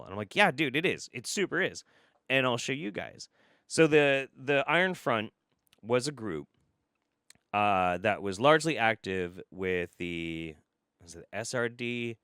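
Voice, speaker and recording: A young man casually telling a story to the camera, profane and animated, with many fillers and restarts. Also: mid-range voice, moderate pace, no room sound, studio quality. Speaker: vlogger.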